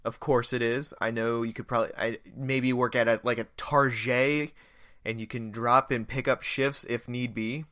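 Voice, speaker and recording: A young man hosts a casual solo podcast, rambling and poking fun at himself. His voice is bright and a little stuffy from a cold. It is recorded close on the mic in a dry, dead room. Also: mid-range voice, little pitch movement, moderate pace, hardly any pauses, dry recording. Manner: rambling, self-deprecating, joking. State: stuffy nose. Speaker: podcast host.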